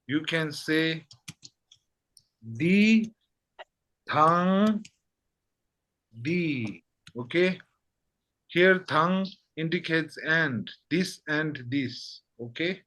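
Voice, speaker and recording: Slow, bright-voiced language teacher. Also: male voice, a little high, animated. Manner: repeats phrases slowly, says "that's it" often. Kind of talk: slow patient language lesson.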